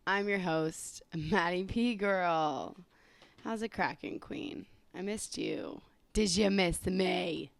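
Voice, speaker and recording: A young Southern-accented woman hosts her podcast, chatting loosely and laughing at herself, a little slowed by a covid bout. Her voice sits on the low side and the recording is close and dry, with no room sound. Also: expressive, creaky, no room sound. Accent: Southern American. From Southern United States. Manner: giggly, playful, self-mocking. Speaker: podcast host. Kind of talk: casual chatty monologue.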